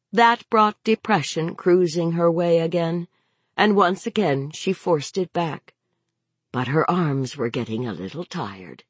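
A woman's voice: fairly low pitch, breathy edge, dry recording. A woman narrating a novel aloud in a dramatic, varied delivery. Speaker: audiobook narrator.

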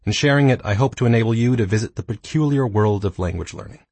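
Casting note: man in his thirties, low, husky voice, dry self-deprecating audiobook read, close and dry mic. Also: fast talker, darkish tone, no echo. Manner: dry, self-mocking humor. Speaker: audiobook narrator. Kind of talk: scripted nonfiction narration.

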